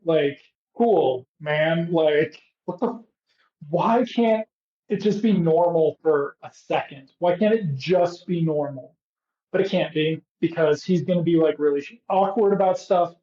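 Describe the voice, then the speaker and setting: A man's voice: a little high, mellow. A man co-hosting a podcast, recapping a show in casual comedic chat with sarcastic, profane riffing. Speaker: podcast co-host. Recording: echoey, dull lo-fi room sound.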